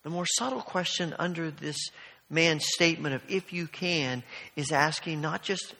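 A man's voice: a little high, moderate pace, creaky, sharp tone. A man preaching a sermon in a church, telling stories in a conversational way full of asides. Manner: storytelling, conversational, many asides. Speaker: pastor. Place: church sanctuary. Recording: long hall reverb.

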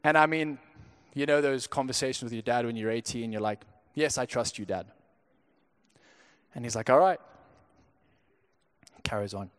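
A man's voice: medium pitch, normal speed, long pauses, clean tone. A young man from Zimbabwe, a pastor telling a personal story in a conversational sermon, often restarting his words. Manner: conversational, frequent stammered restarts.

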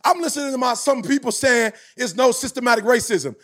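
A man in his forties giving a passionate podcast talk as a motivational speaker, emphatic with a preacher-like cadence that rises into shouts. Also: very high-pitched, lively intonation, brisk. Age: 40s.

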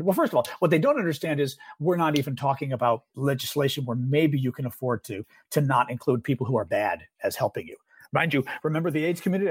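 A middle-aged man co-hosting a podcast, talking politics in a casual, exasperated, animated way. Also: a little high, breathy edge. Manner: animated, exasperated, quick asides. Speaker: podcast co-host.

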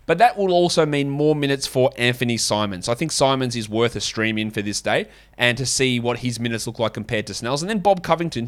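A man's voice: mid-range voice, fairly bright tone. A man hosting a solo podcast, talking in a blunt, sweary, opinionated and casual way. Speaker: podcast host. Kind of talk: solo basketball fantasy podcast.

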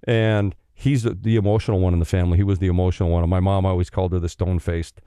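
A middle-aged man from Canada, a former pro hockey player, telling stories in a casual, animated way, swearing freely and acting out the people he quotes. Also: deep voice, very fast, smooth, no room sound, studio quality. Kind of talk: casual storytelling.

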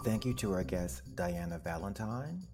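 A woman co-host reading a scripted outro in a measured, announcing manner, with guitar music behind her. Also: extremely low pitch, animated.

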